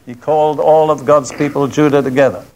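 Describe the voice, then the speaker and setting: An older man preaching a sermon, reading scripture in a slow, deliberate and emphatic way. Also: fairly high pitch, steady tone, a little mellow, a little hiss or hum.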